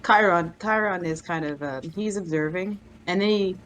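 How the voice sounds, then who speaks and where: A woman's voice: lowish voice, moderate pace, fairly bright tone, a little hiss or hum. A woman casually describing her character's actions in a tabletop game, hedging with "kind of" as she talks. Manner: casual and hesitant, full of "kind of". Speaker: player.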